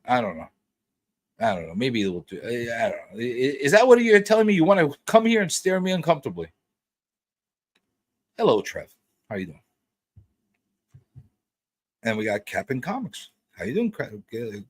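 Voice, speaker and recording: A man's voice: mid-range voice, big pitch swings, moderate pace, pauses often, slightly rough, dry recording. A man hosting a live stream in casual chat, rambling and repeating his words as he greets viewers by name.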